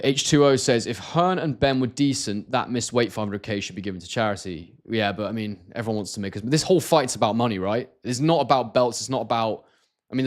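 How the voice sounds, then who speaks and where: A Scottish man with a medium-pitched voice hosts a casual live stream, reading out viewer comments. His speech is full of hesitations and restarts.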